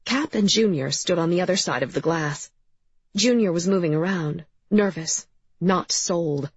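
A woman's voice: lowish voice, unhurried, slightly rough, no room sound. A woman reading a crime novel aloud in scripted narration, in a slightly dull, dry recording. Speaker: audiobook narrator.

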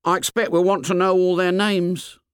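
A man's voice: high-pitched, little pitch movement, normal speed, clean tone, no echo, clean studio sound, voice pushed up, natural voice. A man voicing a plump, anxious twelve-year-old schoolboy in an audiobook reading, earnest, fretful and eager to please. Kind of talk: audiobook character voice.

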